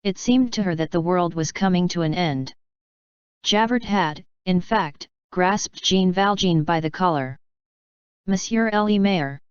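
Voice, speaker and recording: A woman reads a classic novel aloud in a measured, even way. Her voice is low and strikingly clean and smooth, recorded close and dry, with a slightly dull, lo-fi tone. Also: no room sound. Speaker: audiobook narrator. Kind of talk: scripted audiobook narration.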